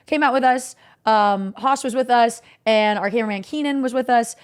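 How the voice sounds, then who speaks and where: A young adult woman streamer, her voice on the high side, rambles through a story for her chat. She's candid about it, leaning heavily on "like" and swearing casually.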